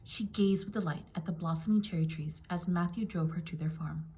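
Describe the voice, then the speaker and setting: Woman gently reading a picture book. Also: fairly low pitch, a little fast, a little hiss or hum. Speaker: storybook reader.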